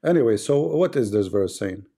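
Hosting a live stream, a sarcastic man with an Arabic accent taunts and mocks his callers in teasing banter. His lowish voice is gravelly, rough and husky, dark and mellow in tone, animated and at a moderate pace.

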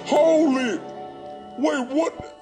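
High-voiced man yelling through gameplay. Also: fairly even intonation, very slow. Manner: playful, exclamatory, often yelling in surprise. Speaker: gaming video creator. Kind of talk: excitable gameplay commentary. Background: background music.

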